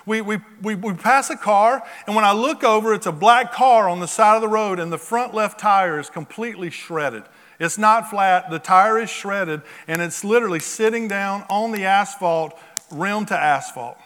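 A male pastor telling a story from the pulpit in an animated, repetitive storytelling manner. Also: high-pitched, moderate pace. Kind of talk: sermon storytelling. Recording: long hall reverb.

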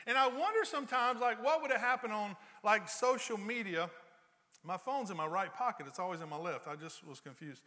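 A man with a high, bright, forceful voice preaches in a church, slipping into playful sarcasm as he spins everyday stories. His words ring out with a long reverb from the sanctuary around him. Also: expressive, fairly quick. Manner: joking storyteller, playful sarcasm. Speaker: pastor. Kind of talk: conversational sermon.

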